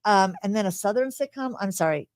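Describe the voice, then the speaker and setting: A woman's voice: medium pitch, animated, brisk, a little mellow, no room sound. A woman co-hosting a podcast in casual chat, talking in bursts with frequent laughs and restarts. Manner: chatty, laughs often, restarts sentences. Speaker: podcast co-host.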